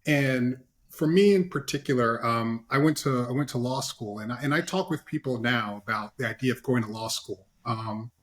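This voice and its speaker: This is a man of middle pitch, talking as a panelist in an easygoing online discussion. He gives earnest advice, circling back with fillers and tag questions. He is heard through a video call. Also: normal speed, few pauses.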